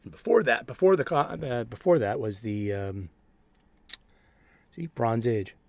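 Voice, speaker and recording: A man's voice: mid-range voice, very animated, a little slow, a little mellow, no room sound. A middle-aged man hosting a casual solo chat, rambling with many restarts and fillers. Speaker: host. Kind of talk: casual solo chat about comic books. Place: home studio.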